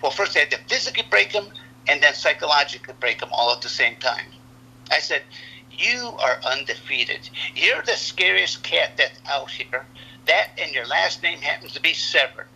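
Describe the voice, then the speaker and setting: A man's voice: fairly high pitch, expressive, normal speed, gravelly, bright, forceful tone, slightly rough, rough recording. A man in his sixties from the United States, a retired wrestler telling long rambling stories in a casual interview, often repeating words and restarting sentences. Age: 60s.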